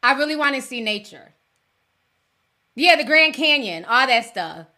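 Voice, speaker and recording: A middle-aged woman chats casually on her livestream, slangy and quick to laugh. Her voice sits high and rings bright. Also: sing-song. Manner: chatty, laughs often, slangy. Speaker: livestream host. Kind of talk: casual livestream chat with viewers. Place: home in Minnesota.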